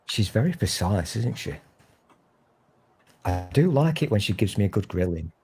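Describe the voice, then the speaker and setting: A man's voice: on the low side, sing-song, moderate pace, mellow, soft background music. A man in his thirties with a Northern English accent, chatting casually, swearing freely and teasing himself and others. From Northern England. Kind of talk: casual chat.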